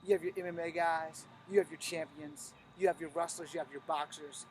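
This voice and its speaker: Blunt, cussing middle-aged man, high voice. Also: steady tone, a little fast, a little hiss or hum. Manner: blunt, profane, emphatic. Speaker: martial arts instructor. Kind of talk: live-streamed teaching talk.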